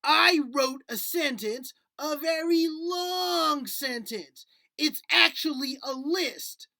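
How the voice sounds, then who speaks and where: A man's voice: very high voice, animated, takes it slowly, gravelly, sharp tone, pitched above the performer's own voice, heavily acted. A man voicing a small, fretful male puppet creature who holds a grudge, talking in a whiny, indignant sing-song. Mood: eager. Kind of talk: puppet skit in a lesson.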